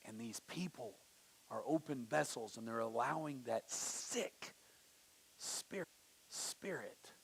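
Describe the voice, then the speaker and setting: A man preaching a sermon in church, casual and conversational, acting out the people he quotes with big swings in pitch. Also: animated, takes it slowly, creaky, husky. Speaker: pastor. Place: church sanctuary.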